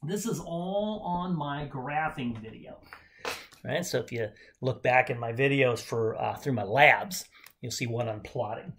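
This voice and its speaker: A man's voice: mid-range voice, a little slow, a bit bright, slight background noise. A man teaching chemistry at a whiteboard, enthusiastic and jokey, talking straight to his students. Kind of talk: whiteboard lecture.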